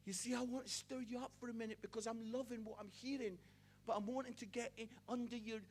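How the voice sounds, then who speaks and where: A middle-aged preacher with a strikingly high voice delivers a sermon through personal stories, speaking passionately and rising to near-shouts at the peaks. His intonation is fairly even and his pace fast, with a little hiss or hum in the audio.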